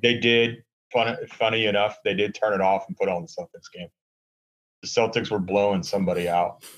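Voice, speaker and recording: A man's voice: on the low side, little pitch movement, moderate pace, muffled recording. A man on a podcast, chatting casually and sarcastically with lots of fillers, from a hotel room. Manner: rambling, sarcastic, many fillers. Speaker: podcast co-host. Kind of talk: casual chat.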